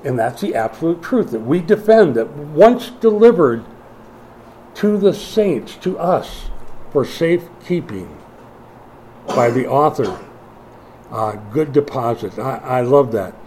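Man preaching a sermon, mellow voice. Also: medium pitch, lively intonation, takes it slowly, a little hiss or hum, rough recording. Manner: preaching with swings from quiet to emphatic; folksy asides to the congregation. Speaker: pastor.

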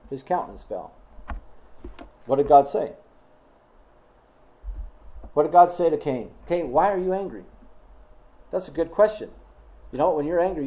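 A man's voice: fairly high pitch, mellow. A man preaching a sermon in an emphatic, scolding way, full of rhetorical questions.

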